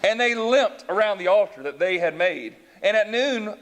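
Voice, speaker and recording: A man preaches from scripture in a high, lively voice. He reads the passage, then breaks off to explain it and acts out its characters. He keeps turning to his listeners with questions. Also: normal speed, hardly any pauses. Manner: animated, acts out voices in the story, asks the congregation questions. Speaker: pastor. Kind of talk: sermon reading and explaining scripture.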